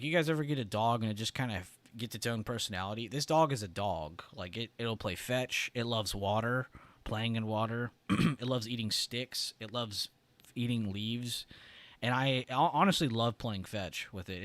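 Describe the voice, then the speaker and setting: A man hosting a trading livestream, talking loosely with lots of "like" and "right?", and clearing his irritated throat often. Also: on the low side, fairly bright tone, no room sound. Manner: loose and chatty, heavy on "like" and "right?". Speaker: trading stream host. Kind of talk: casual livestream explanation.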